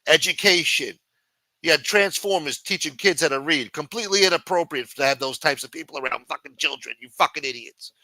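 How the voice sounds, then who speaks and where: New man, profane political rant, forceful sharp voice, dry close sound. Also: on the high side, a little fast, no room sound. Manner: angry, profane, combative. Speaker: podcast host.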